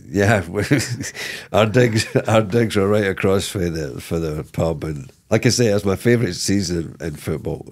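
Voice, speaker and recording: A middle-aged man, a former footballer, telling stories in a casual interview, rambling and animated with many restarts. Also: a bass voice. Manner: animated, rambling, lots of repeated starts and "you know what I mean".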